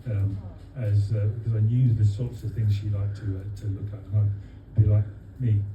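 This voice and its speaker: A man from London giving a humorous birthday speech for his wife to friends at a restaurant, with dry comic timing and many pauses. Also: fairly low pitch, highs cut off, a little hiss or hum. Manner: deadpan comic timing, halting with fillers. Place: restaurant dining room with guests. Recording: echoey room, voice from far off. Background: guests laughing.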